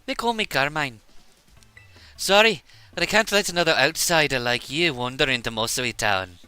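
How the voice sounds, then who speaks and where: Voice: mid-range voice, lively intonation, normal speed, bright, forceful tone, smooth. A streamer putting on a stern Scottish teen girl. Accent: put-on Scottish. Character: bossy teenage girl trainer guarding her town.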